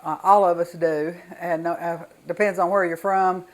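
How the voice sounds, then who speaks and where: A woman's voice: lowish voice, fairly even intonation, normal speed, poor audio. An older woman with a Southern US accent, chatting folksily and enthusiastically while demonstrating home cooking in her kitchen.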